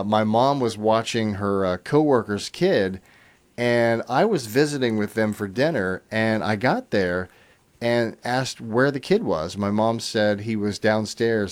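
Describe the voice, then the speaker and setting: A middle-aged man hosting a radio call-in show, reading listener stories aloud with chuckles and easy fillers. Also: fairly low pitch. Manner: chuckling, relaxed storytelling with fillers. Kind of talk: reading listener comments on air.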